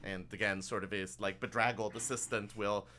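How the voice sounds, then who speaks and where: A man's voice: lowish voice, steady tone, normal speed, background noise. A man narrating as game master of a tabletop game, improvising loosely with many fillers.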